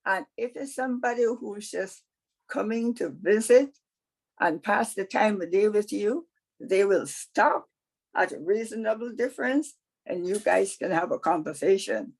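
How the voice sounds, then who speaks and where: A woman's voice: medium pitch, a little slow, vocal fry, darkish tone, breathy edge, low-quality recording. Woman playing a folksy, firm Lord. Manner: folksy, matter-of-fact. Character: easygoing, firm male Lord figure.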